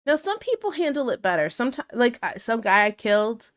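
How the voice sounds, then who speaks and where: A woman's voice: fairly high pitch, big pitch swings, fairly quick. A young woman, chatting casually on a live stream, reading chat messages aloud and laughing often.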